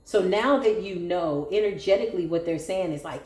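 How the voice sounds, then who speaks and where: A woman's voice: fairly low pitch, expressive, fairly quick, few pauses, darkish tone, slight background noise. A woman giving a solo tarot reading, sassy, sarcastic and preachy. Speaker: tarot reader. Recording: echoey room with faint music.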